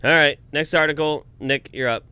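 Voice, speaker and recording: A man co-hosting a podcast in casual chat, reading out viewer comments, loud and animated, with frequent swearing. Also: on the high side, normal speed, smooth, no room sound. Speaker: podcast co-host.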